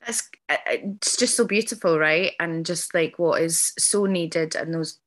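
Effusive woman podcast host, lower voice. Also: unhurried, fairly bright tone. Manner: earnest, effusive, many ums and restarts. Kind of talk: casual interview chat.

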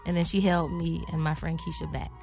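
A woman, a singer and songwriter, telling her story in a lively, casual interview and acting out the voices of the people she quotes. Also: a little fast, vocal fry, faint music behind. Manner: acts out quoted voices, pitch jumping high; lively, laughing, talks to listeners as y'all. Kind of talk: animated storytelling in casual chat.

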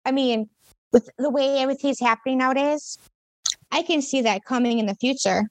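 Rambling, animated woman telling a story. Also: sits high, brisk, no room sound. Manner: rambling, animated storyteller with many fillers and restarts. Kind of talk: casual storytelling chat.

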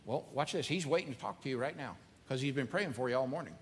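Earnest preacher in a reverberant hall. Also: male voice, mid-range voice, expressive, fast, a little hiss or hum. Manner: earnest, conversational preaching with repetition. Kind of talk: sermon.

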